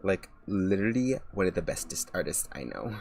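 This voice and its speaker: A man with a fairly low voice chats on a casual live stream, gushing and rambling, often stopping to apologize. Faint music plays softly behind him. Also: sing-song, a little fast. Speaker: VTuber streamer. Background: faint background music.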